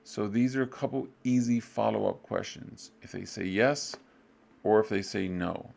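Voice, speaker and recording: A male English teacher takes his students through a review in an unhurried, easygoing way. His voice sits low and has a gravelly rasp. He shrugs off details with a "blah, blah". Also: a little mellow. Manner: loose and offhand, fills gaps with "blah, blah"; acts out short student replies with jumps in pitch. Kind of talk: casual review lesson.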